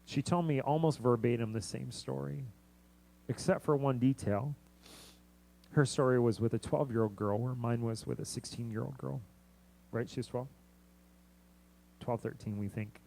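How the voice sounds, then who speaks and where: A young man preaches a sermon, telling a story and acting out its dialogue. His delivery swings from hushed, low passages to loud, driving emphasis. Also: normal speed, vocal fry, pauses often, rough recording. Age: young adult. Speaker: missionary pastor.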